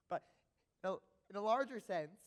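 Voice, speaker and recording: A man playing a nervous, chatty theater fan who narrates with rambling asides to the audience in a stage musical. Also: sits high.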